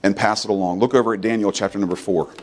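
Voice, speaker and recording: A man preaching a sermon with emphatic delivery, repeating phrases and swinging between loud, high exhortation and quiet, low asides. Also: steady tone, racing.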